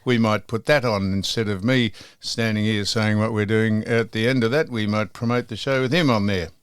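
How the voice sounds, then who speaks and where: A man's voice: on the low side, fairly even intonation, normal speed, clean tone, no room sound, studio quality. An older Australian man hosting a podcast in casual chat, rambling with many ums and restarts. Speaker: podcast host.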